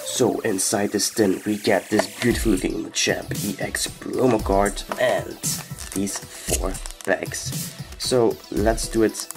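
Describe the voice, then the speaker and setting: A man with a sick voice hosts a casual card-unboxing video, his voice sitting very low. He talks slowly and calmly, reading each card name aloud one by one. Music plays behind him throughout. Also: vocal fry, poor audio. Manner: unhurried, reads out each card name in turn. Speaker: card-opening channel host. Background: background music.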